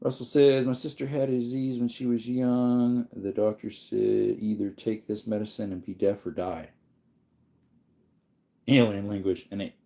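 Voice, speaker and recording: Man, livestream host, casual chat, dark mellow tone, sleepy and yawning, reads comments aloud. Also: on the low side. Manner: relaxed and rambling, reading comments aloud.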